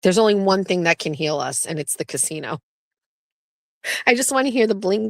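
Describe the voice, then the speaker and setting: A woman's voice: medium pitch, expressive, a little fast, creaky, long pauses, darkish tone, dry recording, studio quality. A woman hosting her own livestream show, chatting in a rambling, blunt and profane way as she jumps between topics. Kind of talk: rambling casual livestream chat.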